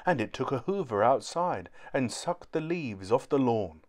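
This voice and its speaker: A man reading a children's book aloud in a clear, steady storytelling manner. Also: mid-range voice, unhurried.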